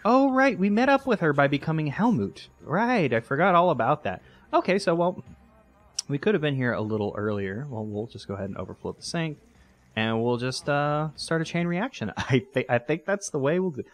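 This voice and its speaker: Rambling, lively gaming commentator man. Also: on the high side, brisk. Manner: rambling, self-correcting, joking. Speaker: let's play host. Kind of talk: casual gameplay commentary.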